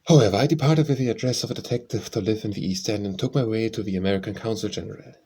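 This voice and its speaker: A man reading a first-person story aloud as an audiobook narrator, in a measured, literary way. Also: lowish voice, mellow, slightly rough.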